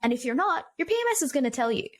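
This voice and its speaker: A woman's voice: high-pitched, big pitch swings, very fast. A woman guest, a period coach, speaking earnestly and emphatically in a casual podcast interview.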